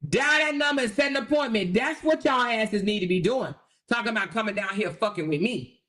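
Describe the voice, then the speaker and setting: A woman's voice: a little high, a little fast, a bit bright. Woman going off on a livestream, cussing nonstop, talking straight to her viewers, keeps tossing out "okay?". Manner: brash, combative, heavy swearing; addresses viewers directly with repeated "okay?". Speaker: livestream host. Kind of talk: profane live-stream rant.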